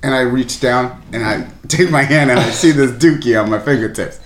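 A man's voice: medium pitch, moderate pace, echoey room, slight background noise. A man, a podcast host, telling a crude story in casual chat and laughing through it.

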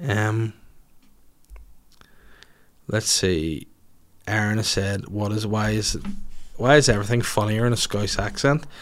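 A man's voice: lowish voice, measured pace, long pauses. A man, a comedian hosting his podcast, chatting casually and crudely through listener questions and swearing freely.

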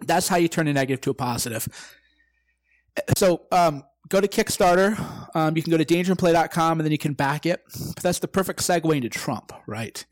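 A brash man, likely in his twenties, speaks fairly quickly in a fairly high voice with no echo. Talking directly to camera, he delivers a profane motivational talk and acts out quoted exchanges.

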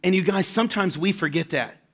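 A man's voice: high-pitched, brisk, a bit bright, slightly rough. A man preaching a sermon as pastor, impassioned, his voice rising when he speaks the quoted words. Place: church hall.

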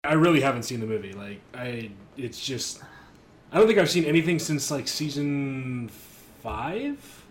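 A man's voice: medium pitch, lively intonation, measured pace. A man in a casual podcast chat, hesitant and forgetful, trailing off.

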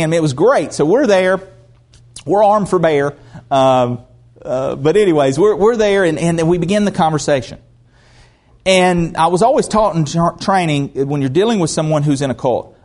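A man preaching a sermon in a folksy, animated storytelling manner. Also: a little high.

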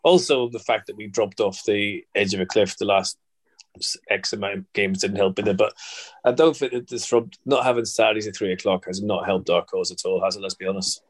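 A man's voice: lowish voice, steady tone, fairly quick. Chatty Belfast man hosting a podcast. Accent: Northern Irish, Belfast. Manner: chatty, rambling, jokey. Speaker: podcast host. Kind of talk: casual podcast chat.

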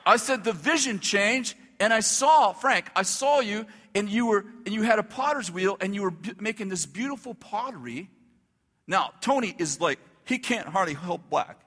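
A male pastor telling a story in a sermon, animated, acting out the dialogue and laughing as he goes. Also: high voice, moderate pace, long reverb tail.

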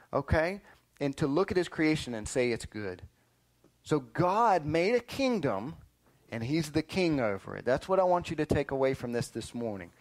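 A man teaching a lively Bible lesson to children, quizzing them and often calling "listen up" to get their attention. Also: on the high side. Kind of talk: animated Sunday school lesson.

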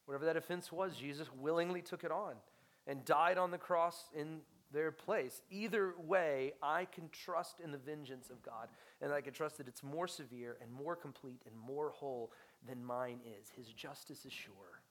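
A man's voice: fairly high pitch, moderate pace. Impassioned young male pastor preaching. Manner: impassioned, swings between loud emphasis and hushed near-whispers. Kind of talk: sermon.

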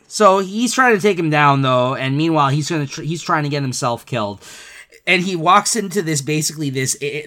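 A male podcast co-host in a casual comic book chat retells comic scenes with plenty of laughter and filler words. His voice is on the high side with a sharp tone.

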